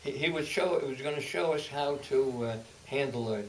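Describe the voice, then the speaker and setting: A man in his eighties telling stories from his past at home, halting and repeating words as he goes. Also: mid-range voice. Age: 80s. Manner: halting, repeats words and restarts, then speeds up. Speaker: interviewee, veteran. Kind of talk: oral-history storytelling. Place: home, indoors. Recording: distant mic with faint hiss.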